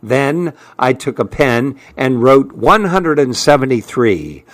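Male host, reads a novel aloud at an easy, slow pace, dry sound. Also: mid-range voice, lively intonation, no room sound.

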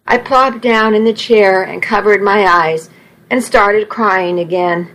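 A woman narrating a first-person story in an earnest, expressive way. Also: medium pitch, takes it slowly, low-quality recording.

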